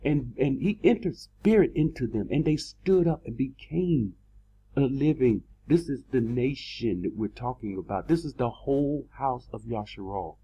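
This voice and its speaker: A man preaching a sermon in an online video, emphatic, repeating words and slowing down to stress his points. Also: mid-range voice, expressive, dark tone, breathy edge, highs cut off.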